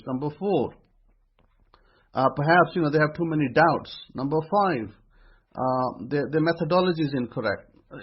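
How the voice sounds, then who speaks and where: A man talks through his tips in a husky, slightly high voice, stacking numbered points and circling back over his own phrases. The recording sounds dull and lo-fi. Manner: repeats phrases, counts off points. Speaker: speaker teaching affirmations. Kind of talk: motivational teaching monologue.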